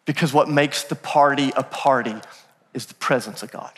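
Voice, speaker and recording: A male pastor in his thirties preaching a sermon, telling stories in an animated way with self-deprecating humor. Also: medium pitch, normal speed. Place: church sanctuary. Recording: long church hall reverb.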